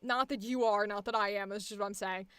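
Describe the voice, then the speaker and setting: A woman's voice: mid-range voice, fairly even intonation, fast, a bit bright, smooth, dry recording. A woman coaching voice acting, rambling cheerfully, swearing freely and laughing often as she talks. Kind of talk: casual coaching chat.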